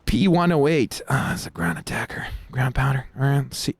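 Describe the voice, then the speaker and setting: A man hosting a livestream, chatting casually while playing a game, easily distracted and excitable. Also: medium pitch, a little fast, breathy edge, no room sound, studio quality. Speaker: stream host playing a game.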